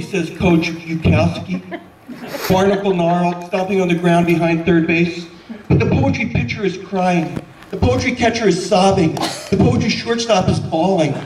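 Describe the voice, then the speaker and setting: A man's voice: sits high, echoey room, far from the mic, background noise. A man giving a poetry reading at a college event, hesitant with fillers and dryly funny between poems. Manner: hesitant, with dry humor and many fillers. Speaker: poet.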